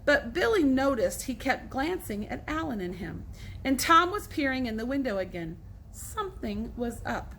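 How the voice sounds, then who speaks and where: Woman teacher, read-aloud storytelling, bright and clear. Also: sits high, very animated, normal speed, a little hiss or hum. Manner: clear storyteller pacing with asides to listeners. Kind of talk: reading a novel aloud to children.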